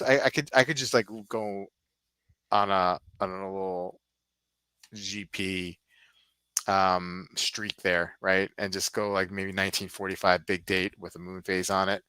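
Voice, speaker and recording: A man's voice: fairly low pitch, pushed and bright, smooth, dry recording. A man hosting a casual live stream, rambling and thinking aloud as he browses.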